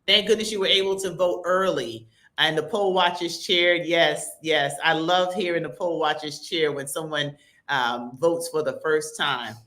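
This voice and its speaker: A woman hosts a live broadcast, chatting casually and greeting viewers by name. Her voice is bright and forward, and she keeps a lively, conversational flow. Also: low voice, normal speed. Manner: lively, conversational, reads chat shout-outs. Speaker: livestream host. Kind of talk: casual livestream chat.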